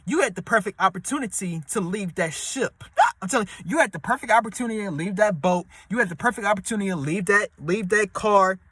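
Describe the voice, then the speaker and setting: A man giving relationship advice in a casual, slangy monologue, repeating himself and now and then putting on high voices for people he quotes. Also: fast talker, few pauses, a bit bright, dry recording. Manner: slangy, repetitive, street-talk delivery. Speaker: advice vlogger.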